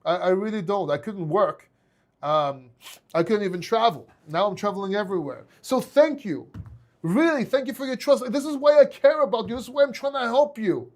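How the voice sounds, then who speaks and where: A man with a Greek accent talks straight to his viewers in a high, earnest voice. He is casual and heartfelt, and he often stumbles and restarts his sentences. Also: expressive, moderate pace. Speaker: crypto YouTuber.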